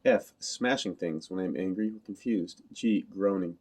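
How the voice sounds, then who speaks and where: A man reading a novel aloud in the first person, in a flat, literal, measured way. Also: sits low. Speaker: audiobook reader.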